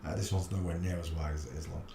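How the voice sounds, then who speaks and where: Low-voiced man rambling on a livestream. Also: fairly even intonation, fast, warm tone. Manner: rambling, thinking aloud, crude jokes. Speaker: livestream host. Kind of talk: casual livestream commentary. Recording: echoey room, faint background noise.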